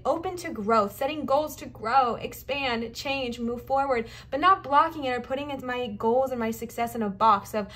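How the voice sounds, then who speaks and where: A young woman doing a casual tarot card reading, talking straight to her viewers. She sounds chatty and emphatic, repeats her encouragements and slips in little asides. Her voice sits fairly high. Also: fairly bright tone. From Southern United States.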